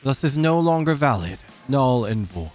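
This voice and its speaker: A streamer voicing a cold, smug corporate executive villain in a low, dismissive, curt manner. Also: big pitch swings, normal speed, darkish tone, faint music behind, natural voice.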